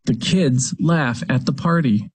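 A man's voice: medium pitch, measured pace, breathy edge. A man reading spelling words in a scripted dictation, saying each word, a sentence with it, then the word again. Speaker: recorded dictation voice.

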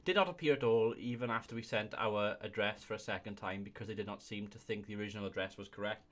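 Young man, bright tense voice, giggly comedic commentary, reading reviews at home. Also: lowish voice, fast talker. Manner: giggly, keeps breaking into laughter. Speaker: video host.

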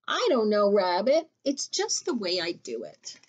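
A woman's voice: mid-range voice, huge pitch swings, unhurried, husky, full character voice. A woman voicing an earnest, easygoing young male pig in a storybook, cheerful and matter-of-fact.

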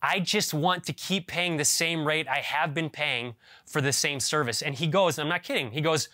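A man preaching a sermon as pastor, reading scripture and then telling a lively story with acted-out dialogue. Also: on the high side, normal speed, few pauses, no echo, studio quality. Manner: animated storyteller, acts out phone dialogue.

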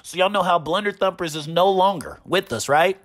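A man's voice: sits high, animated, fairly quick, a bit bright. A man hosting a gaming channel, mockingly recounting online drama with a repeated catchphrase.

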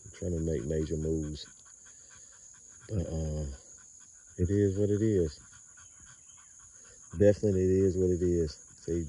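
Man, very low and husky, chatty breeder vlogging outdoors off-mic. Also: dark tone, distant mic. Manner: loose, rambling street talk with laughs. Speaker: dog breeder filming his kennel. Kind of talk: casual outdoor vlog narration.

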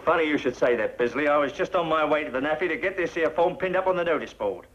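An actor playing a brisk, commanding British army officer in a 1950s film comedy. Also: male voice, fairly high pitch, fairly bright tone, highs cut off, natural voice. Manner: clipped, commanding.

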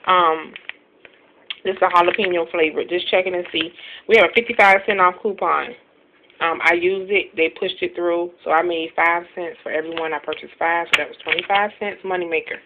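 A woman in a casual home haul video, talking quickly and chattily about her shopping with many ums and self-deprecating asides. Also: fairly low pitch, steady tone. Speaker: couponing vlogger showing a grocery haul. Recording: tinny phone-like sound, faint hiss.

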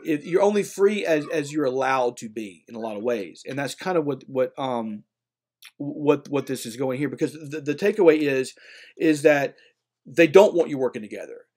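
Man, lecturer, conversational, lively delivery, keeps asking "right?". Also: fairly high pitch. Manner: conversational, frequent "okay?" and "right?" check-ins; animated, acts out voices when retelling. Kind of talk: classroom literature lecture.

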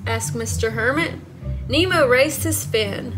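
A woman librarian reading a story aloud to children in an animated way, asking them questions. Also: fairly high pitch, measured pace, music in the background.

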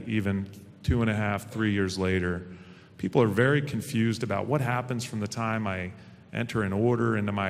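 A man's voice: on the low side, vocal fry, a little hiss or hum. A middle-aged man speaking as a panel guest at a fireside chat, folksy and confident as he tells stories. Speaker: stock exchange president, panel guest. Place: event hall. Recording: long hall reverb.

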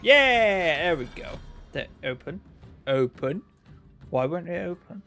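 A man's voice: sits high, big pitch swings, slow, pushed and bright, soft background music. A man giving sarcastic, chatty commentary while playing a video game and talking back to its characters. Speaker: let's play gamer. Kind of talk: casual gameplay commentary.

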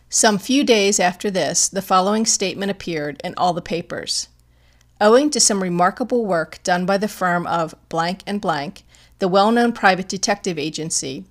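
A woman narrating a classic detective story as an audiobook, in a measured, even reading. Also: mid-range voice.

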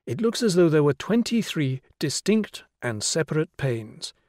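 A patient young teacher , as read by a man, talks a class through an idea, with brisk explanations and a light, raised voice. Each point lands with a questioning lift. The voice is dry and close. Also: a little high, sing-song, darkish tone, no echo, voice pushed up. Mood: lecturing. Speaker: schoolteacher. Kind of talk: audiobook character reading.

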